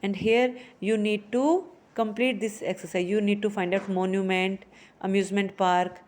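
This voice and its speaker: A woman teaching a French lesson, explaining slowly and repeating phrases for her students. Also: mid-range voice, fairly even intonation, darkish tone.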